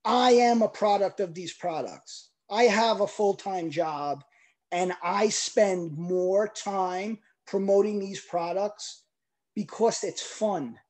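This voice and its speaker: Passionate man pitching on a video call. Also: slow pace, a little mellow. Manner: passionate, emphatic, emotional. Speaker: product promoter on a video call. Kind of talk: testimonial sales pitch.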